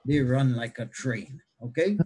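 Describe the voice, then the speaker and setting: A man, himself a pastor, lecturing other pastors on how to preach, with animated teaching that shifts pace and loudness. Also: mid-range voice, measured pace, husky, rough recording.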